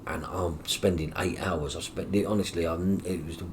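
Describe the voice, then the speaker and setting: A middle-aged man, his voice sitting very low. He tells his story as a guest in an interview, acting out the dialogue with plenty of swearing. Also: moderate pace, slight background noise. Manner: animated, acts out quoted dialogue with coarse swearing.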